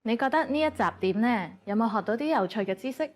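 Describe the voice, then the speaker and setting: A woman giving scripted educational narration in a brisk, even tone. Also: on the high side.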